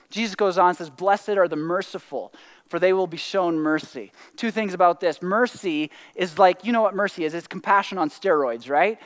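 A man preaching a sermon in a conversational way, full of "like" and "right?", now and then breaking into excited whoops. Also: high-pitched, moderate pace, long reverb tail. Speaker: pastor.

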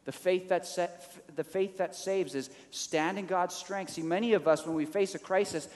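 A man preaching a sermon in an animated way, acting out the quoted lines with a rising voice. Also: sits high, moderate pace, big-room sound. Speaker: pastor.

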